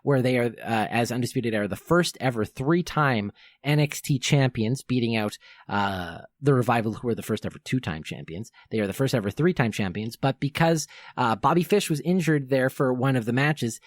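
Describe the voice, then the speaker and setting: An eager young man hosts a wrestling podcast countdown, gushing like a fan and tripping over his words as he goes back to fix them. His voice sits at an ordinary middle pitch. The recording is dry and close, with no room around him. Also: moderate pace, dry recording. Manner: enthusiastic fan, rambling with fillers and self-corrections. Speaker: podcast host.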